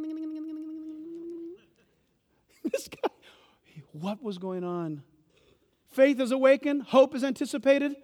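Male pastor, very high voice, lively sermon delivery, long church reverb. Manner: animated preaching, swings from loud bursts to hushed asides.

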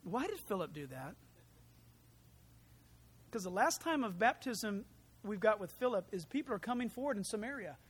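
Male pastor, sermon delivery, animated and dynamic. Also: sits high, normal speed, pauses often, breathy edge. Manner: animated, acts out voices, swings from quiet to loud.

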